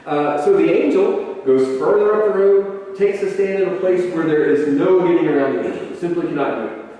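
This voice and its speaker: A man's voice: a little high, normal speed, dark tone, dull audio. A man teaching a conversational Bible lesson, retelling stories loosely with many hesitations and restarts. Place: church meeting room. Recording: echoey hall from a distant mic.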